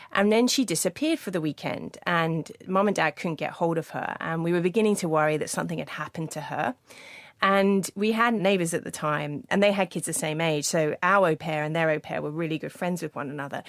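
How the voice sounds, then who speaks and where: Female author guest, low register, dry studio mic, earnest and anecdotal. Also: dry recording. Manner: earnest storytelling, quick restarts. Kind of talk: studio interview conversation. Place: podcast studio.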